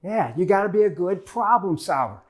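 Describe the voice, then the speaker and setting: A middle-aged man with a high-pitched voice and big pitch swings speaks at a moderate pace. On stage before a live audience, he gives a motivational keynote, telling a story and acting out its conversations.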